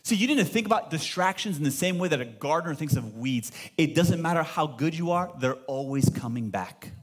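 A man pastor preaching to a live church congregation, emphatic and lively, throwing rhetorical questions to the room. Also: on the high side, a little fast. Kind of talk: sermon.

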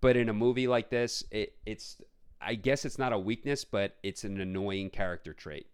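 A lowish-voiced man co-hosting a casual film podcast. He talks bluntly and swears freely, and he keeps slipping into quick put-on voices as he acts out scenes. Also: fairly even intonation, clear, resonant tone. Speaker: podcast co-host. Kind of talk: casual film review chat.

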